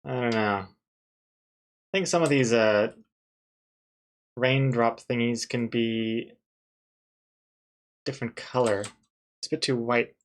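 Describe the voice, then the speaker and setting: A man's voice: medium pitch, slow, pauses often. Chatty man thinking aloud while drawing. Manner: thinks aloud, second-guesses himself, chatty with viewers. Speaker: comic artist streaming his drawing. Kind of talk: casual live-stream commentary while drawing.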